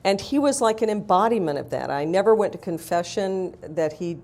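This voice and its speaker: A woman's voice: on the low side, expressive, a little fast, darkish tone. Blunt, wry woman telling stories. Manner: blunt, wry, self-mocking humor. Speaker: author and interview guest. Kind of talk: candid storytelling in a live interview.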